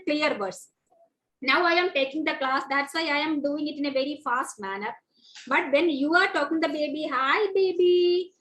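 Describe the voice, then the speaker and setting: A woman's voice: high-pitched, a bit bright, rough recording. A woman giving an earnest webinar lecture, with frequent fillers and restarts. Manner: demonstrates baby talk in a sing-song voice. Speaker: lecturer on child speech development.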